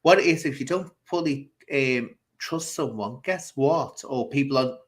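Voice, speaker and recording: A man's voice: medium pitch, unhurried. Chatty, blunt man host. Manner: chatty, rambling, blunt opinions. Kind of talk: casual chat.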